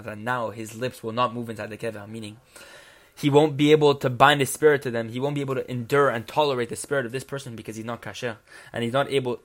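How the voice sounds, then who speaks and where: A man leads a text study lesson at a middle pitch. He reads Hebrew passages quickly, then explains them in English. He often restarts his phrases as he goes. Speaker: Torah teacher.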